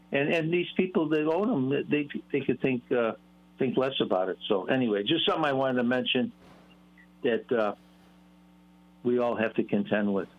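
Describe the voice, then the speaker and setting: A man calling in to a radio show, chatting casually with a halting manner full of fillers. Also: mid-range voice. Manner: hesitant, many fillers and restarts. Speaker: caller. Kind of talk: casual phone-in chat. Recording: dull phone-line sound.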